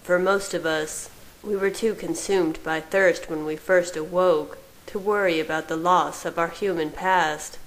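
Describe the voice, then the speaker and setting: A woman reading fan fiction aloud in a slow, soft, measured narration. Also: fairly low pitch, fairly even intonation, poor audio. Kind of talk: storybook narration.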